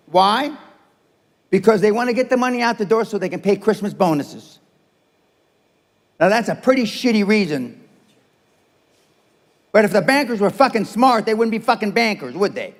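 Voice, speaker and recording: A man's voice: high-pitched, lively intonation, moderate pace, long pauses. A man giving a blunt, profane business talk before a live audience, repeating his points for emphasis. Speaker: business speaker. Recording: reverberant hall.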